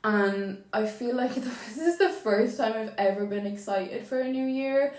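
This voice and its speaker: A woman's voice: on the high side, a little slow, darkish tone, reverberant, low-quality recording. A young Irish woman vlogging casually while doing her makeup, chatty and emotional, with casual swearing. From Ireland. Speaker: beauty vlogger.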